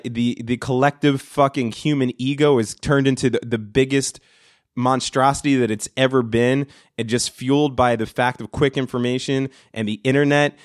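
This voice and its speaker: Ranting podcast host, profane and blunt. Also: male voice, medium pitch, no echo, clean studio sound. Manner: profane, ranting, bursts into loud screams. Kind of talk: solo podcast rant. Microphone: studio mic.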